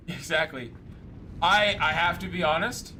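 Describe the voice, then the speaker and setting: Bright, high-voiced excitable male streamer. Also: slight background noise. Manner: excitable, rambling storyteller. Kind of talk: casual chat while gaming.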